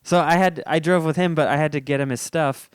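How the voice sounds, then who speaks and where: A man's voice: on the high side, fairly even intonation, brisk, clean tone, dry recording, clean studio sound. A young man hosting a casual podcast chat, rambling through stories and laughing often. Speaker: podcast host.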